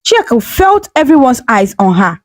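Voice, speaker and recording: A woman storyteller narrating a scripted folktale in a steady, dramatic way on a close microphone. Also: on the high side, normal speed, no room sound, rough recording.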